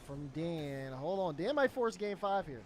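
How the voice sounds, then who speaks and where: A co-caster calling a video game match with excited play calls and joking banter. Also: medium pitch, a little slow, slight background noise. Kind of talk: casual esports commentary.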